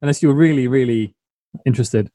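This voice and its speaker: A man's voice: mid-range voice, brisk, dark tone, no echo, studio quality. A male podcast host in a casual interview, teasing his guest with dares and bargaining over them.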